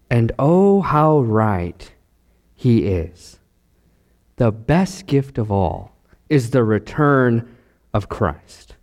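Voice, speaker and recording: A male pastor giving a sermon, measured at first and then building to emphatic, rising declarations. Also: a little high, very animated, a little mellow, long reverb tail.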